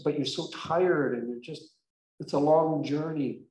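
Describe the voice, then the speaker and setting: A man's voice: a little high, measured pace, a little mellow. A male pastor telling a story in a conversational, emphatic sermon. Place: church sanctuary. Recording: echoey church room.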